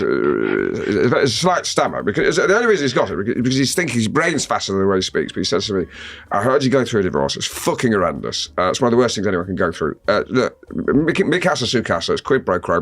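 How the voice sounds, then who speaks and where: Stammering man doing a lively impression. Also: on the low side. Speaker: talk show guest.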